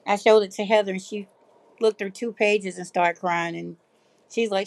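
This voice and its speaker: This craft livestream host, a middle-aged woman, has a gravelly mid-range voice with a steady tone and moderate pace. Recorded dry, she chats easily with viewers while reading out their comments.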